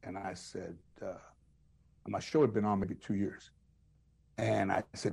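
A man with a Chicano English accent, a comedian guest telling animated anecdotes full of quoted voices and restarts. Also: on the low side, moderate pace, gravelly, pauses often, husky. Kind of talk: storytelling interview.

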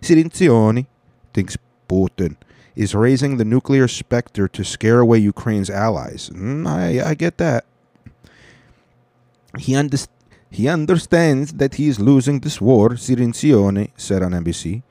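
A man voicing an arms control expert in a mock Italian accent, reading with slow, theatrical emphasis. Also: mid-range voice, expressive, mellow, dry recording. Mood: mock serious.

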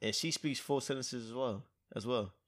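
A man's voice: medium pitch, normal speed. A man in casual chat, joking and reacting with lots of slang. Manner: animated, joking, profane slang.

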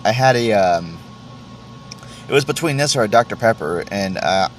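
A man's voice: lowish voice, lively intonation, moderate pace, a little hiss or hum. A man hosting his own podcast, rambling casually and self-deprecatingly while tasting tea, cursing often and stumbling over restarts. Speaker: podcast host. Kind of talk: casual solo podcast rant.

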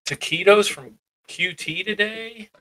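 A man co-hosting a podcast, chatting casually with playful, deadpan jokes. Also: sits high, a little slow, poor audio. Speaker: podcast co-host. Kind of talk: casual chat.

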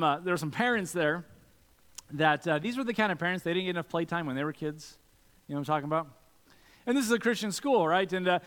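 Pastor, male, preaching earnestly with rhetorical questions, slightly high voice, long church-hall reverb. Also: fairly bright tone, clean tone. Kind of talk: sermon.

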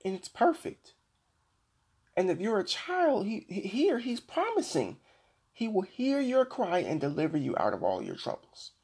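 A middle-aged man hosting a Christian devotional podcast, preaching earnestly and slowing down to read scripture. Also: high-pitched, huge pitch swings, creaky, darkish tone, husky. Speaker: podcast host.

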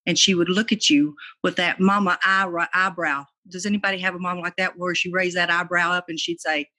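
A woman's voice: on the low side, fairly even intonation, fairly quick, pushed and bright. An older woman, giving a folksy, chatty devotional talk. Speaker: ministry board member.

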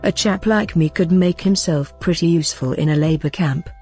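A woman's voice: lowish voice, moderate pace, darkish tone, faint music behind, close to an everyday voice. Woman reading as a pleading, servile man. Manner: blubbering, servile, then sententious. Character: anxious pleading middle-aged man.

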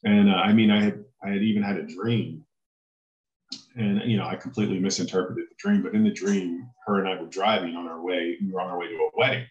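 A man with a very low voice tells his personal faith story as an interview guest. He speaks earnestly and haltingly, often pausing to find his words. The recording carries the echo of a roomy space. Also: fairly even intonation, muffled recording.

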